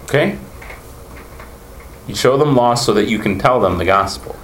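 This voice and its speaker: A man's voice: medium pitch, animated, normal speed, a bit bright. A man teaching a conversational Bible lesson, earnest as he explains and questions the class. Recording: echoey room, faint background noise.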